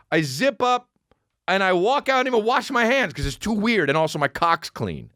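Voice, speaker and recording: Brief: male podcast host spinning a crude, animated anecdote, very expressive pitch, dead-dry studio mic. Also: a little fast, no echo. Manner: profane, animated, rising to a high excited pitch as the story builds. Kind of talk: comedic storytelling monologue.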